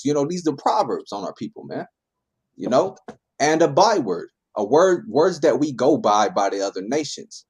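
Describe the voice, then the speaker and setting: A man leading a Bible class, reading verses and explaining them in a relaxed, conversational way. He keeps checking in with his listeners by tagging his lines with "man" and "right?". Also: medium pitch, moderate pace, slightly rough. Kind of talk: informal scripture teaching.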